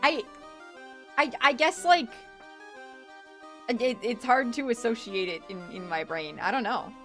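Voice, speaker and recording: A woman's voice: fairly high pitch, measured pace, sharp tone, faint music behind. A young woman streaming a game, chatting casually with lots of restarts and swearing. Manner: rambling, stammering, many restarts.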